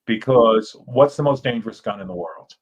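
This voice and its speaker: A middle-aged man telling a lively story as a guest on a podcast, acting out voices and shouting now and then. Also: fairly low pitch, moderate pace, breathy edge, dull audio. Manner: animated yarn-spinner, acts out Southern voices with shouts. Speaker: author and guest.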